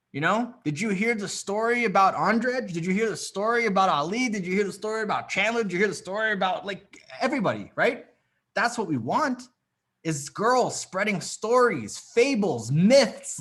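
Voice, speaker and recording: A man's voice: high voice, fairly bright tone. Profane, emphatic male dating coach. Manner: profane, emphatic, repetitive rhetorical questions; acts out quoted women's reactions. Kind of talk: live coaching session answering questions. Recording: online live session.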